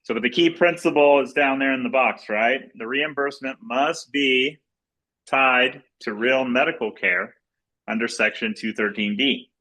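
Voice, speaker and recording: A man's voice: mid-range voice, moderate pace, pushed and bright, low-quality recording. A man leading a recorded business training, walking through slides in a casual, repetitive way with lots of fillers and restarts. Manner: informal and repetitive, many fillers and restarts, plain explanatory tone. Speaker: company executive leading a sales training.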